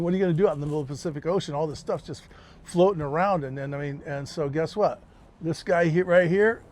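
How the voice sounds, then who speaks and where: An older man, a podcast guest telling a firsthand story in a lively way, acting out what people said. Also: on the high side, slight background noise. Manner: animated, acts out quoted dialogue.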